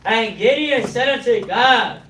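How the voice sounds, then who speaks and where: A man reading Bible verses aloud to a study group, slow and loud. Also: very high-pitched, animated, slight background noise. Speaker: scripture reader. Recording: roomy, mic at a distance.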